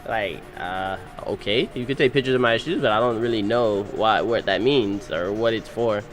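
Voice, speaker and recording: A young man, recently married, narrating his wedding photos in animated, slangy, casual storytelling. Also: fairly low pitch, soft background music. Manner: animated, slangy storytelling with quick voice-acted quotes. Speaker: groom.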